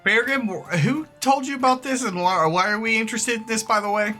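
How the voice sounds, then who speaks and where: A man playing a tabletop game on his stream, firing off eager questions and restarting his sentences. His voice is bright and tense and sits a little above most men's. Faint music plays behind him. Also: high-pitched, fairly quick. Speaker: streamer and player. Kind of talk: casual stream chat.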